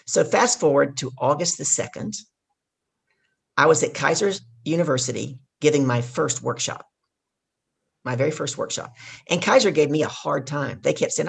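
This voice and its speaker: A middle-aged woman, a guest on an interview podcast, telling stories in a lively way and acting out the dialogue. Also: low voice, normal speed, creaky, husky. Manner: animated storyteller who acts out quoted dialogue. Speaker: guest speaker. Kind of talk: casual storytelling interview.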